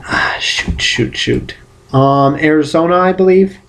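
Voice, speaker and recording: A man's voice: a little high, measured pace, creaky, a bit bright. A man in a casual solo vlog giving sports predictions, rambling and correcting himself with playful exclamations. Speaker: vlogger giving football predictions.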